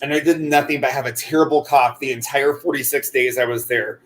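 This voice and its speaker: A man's voice: mid-range voice, steady tone, fairly quick. A man co-hosting a casual chat while crocheting, rambling with many fillers and restarts. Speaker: co-host.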